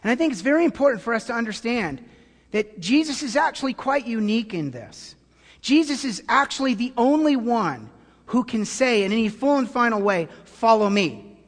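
A man preaching as pastor, with animated delivery that swings between hushed, tender passages and loud, shouted calls. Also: extremely high pitch, fairly quick, big-room sound. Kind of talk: sermon.

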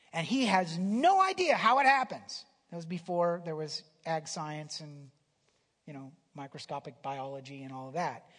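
A man preaching a sermon in a conversational way, restarting phrases and swinging from loud emphasis down to a near whisper, in a church hall. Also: on the high side. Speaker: pastor. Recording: long hall reverb.

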